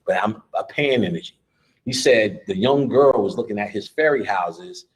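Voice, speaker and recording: A man's voice: on the low side, brisk, poor audio. A man giving a live lecture in a loose, rambling, profane way, often laughing.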